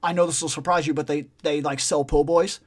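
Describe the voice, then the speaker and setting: A man hosting a casual live chat show, telling stories in an animated way and swearing a lot. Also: on the high side, fairly quick. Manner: profane, animated storytelling. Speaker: podcast host.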